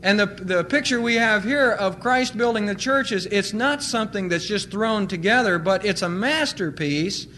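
A man with a high-pitched voice preaches a sermon as pastor, drawing out key words for emphasis. A faint hiss sits under the recording. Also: animated, sharp tone. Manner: emphatic, stressing single words slowly.

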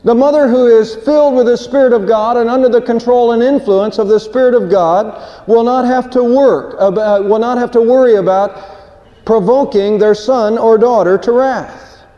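High-pitched preacher in a reverberant church. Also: male voice, normal speed. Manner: earnest preaching with a folksy joke, some repeated words. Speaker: pastor. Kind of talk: sermon. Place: church sanctuary. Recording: dull lo-fi church recording with long reverb.

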